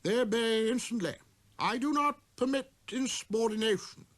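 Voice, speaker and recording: A man's voice: very high-pitched, normal speed, voice pushed up. A man voicing a pompous, blustering old king who stammers, splutters and chuckles as he gives commands. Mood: lecturing. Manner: grand, commanding delivery.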